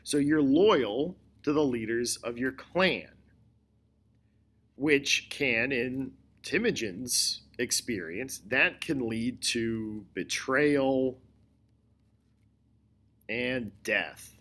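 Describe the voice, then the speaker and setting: A male history teacher giving a recorded lecture, explaining slowly and deliberately, often repeating his key points. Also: mid-range voice, animated, a bit bright. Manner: slow, deliberate explaining with repetition.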